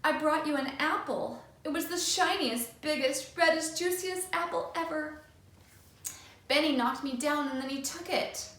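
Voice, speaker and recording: A woman's voice: high-pitched, a little slow, a bit bright, voice pushed up. A woman doing an eager little boy bug. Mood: upset. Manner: bouncy, sing-song and eager. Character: excitable young male bug schoolboy. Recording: echoey room.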